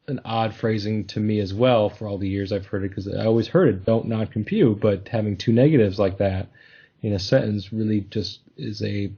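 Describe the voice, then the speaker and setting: A man's voice: on the low side, fairly even intonation, a little fast, warm tone, slightly rough, muffled recording. A man hosting a casual podcast discussion, talking thoughtfully and hesitantly with many restarts. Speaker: podcast host.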